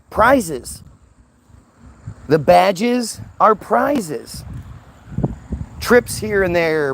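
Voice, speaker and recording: A man's voice: on the high side, a little hiss or hum. A man ranting in an unscripted monologue, agitated, often repeating and restarting words. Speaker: commentator.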